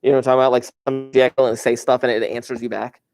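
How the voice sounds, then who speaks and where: A man's voice: mid-range voice, level tone, racing, darkish tone. Chatty man teaching a math lesson. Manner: chatty, repeats key phrases for emphasis. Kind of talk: recorded classroom math lesson.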